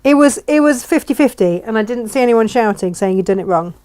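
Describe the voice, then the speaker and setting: A woman's voice: a little high, moderate pace, warm tone, clean tone. A woman chatting as she sews, talking herself through each step with self-mocking asides. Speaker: sewing vlogger. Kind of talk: chatty sewing tutorial. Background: sewing machine.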